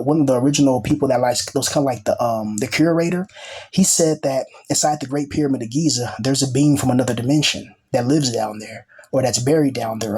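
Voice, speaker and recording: Husky-voiced man rambling casually. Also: medium pitch, a little mellow. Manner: rambling, full of "you know" and "bro" asides. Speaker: self-styled teacher and preacher.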